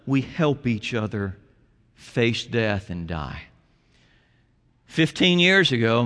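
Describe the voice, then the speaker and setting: A male pastor with a bright, ringing voice delivers a sermon, shifting between storytelling and quiet, tender passages. His words carry a long reverb through the church hall. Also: on the high side. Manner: storytelling with quoted voices, soft and intimate at times. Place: church sanctuary.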